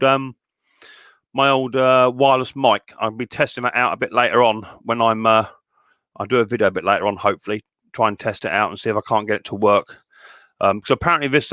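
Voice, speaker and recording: Bright-voiced chatty man. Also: mid-range voice, dry recording, studio quality. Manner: chatty, rambling, full of fillers and restarts. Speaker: livestream host and mower repairer. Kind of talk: casual livestream chat.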